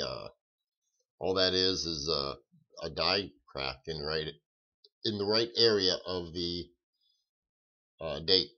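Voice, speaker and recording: On dull, lo-fi stream audio, a man selling coins live drawls folksily as he responds to viewer comments. He has a deep voice that comes across pushed and bright.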